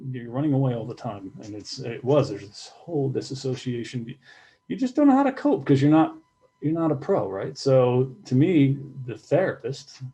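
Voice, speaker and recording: Middle-aged guy, ex fire captain, talks slow and halting, keeps repeating himself, mellow low-key voice. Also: big pitch swings, poor audio. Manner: halting, repeats words, reflective. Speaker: retired fire captain, guest. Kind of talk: candid interview.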